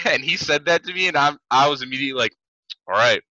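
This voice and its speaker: A man's voice: medium pitch, animated, a little fast, bright, forceful tone, no echo. A man in his twenties telling a story on a casual podcast, rambling and packed with "like" and swearing. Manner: rambling, heavy "like" fillers, swears. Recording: dull dry lo-fi mic.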